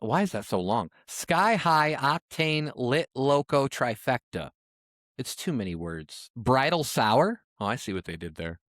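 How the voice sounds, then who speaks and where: A man's voice: medium pitch, fairly bright tone, dry recording, clean studio sound. A man co-hosting a podcast in casual chat, reading out odd names and adding wry asides. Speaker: podcast co-host.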